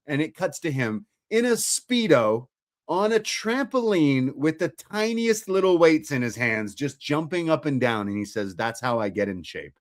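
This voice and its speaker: A man's voice: on the high side, animated, measured pace. A man co-hosting a casual film review podcast who swears freely and retells scenes with laughter.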